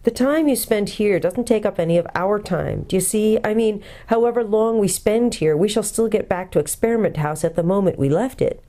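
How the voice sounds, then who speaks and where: A woman's voice: mid-range voice, brisk, few pauses, mellow, voice pushed up, natural voice. A woman voicing a cross, complaining English schoolboy in a storybook reading.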